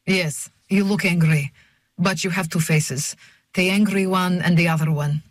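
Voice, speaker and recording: A woman reads the part of a thin, guarded drifter man who answers in blunt, formal, sing-song English. The voice is husky and breathy, close and dry, as in a storybook recording. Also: lowish voice, steady tone, measured pace, dry recording. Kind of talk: audiobook reading.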